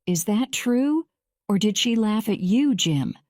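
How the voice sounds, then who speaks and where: A woman voicing a calm male lawyer questioning a witness, read slowly and evenly. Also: medium pitch, no echo, studio quality. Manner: measured, slow graded-reader delivery.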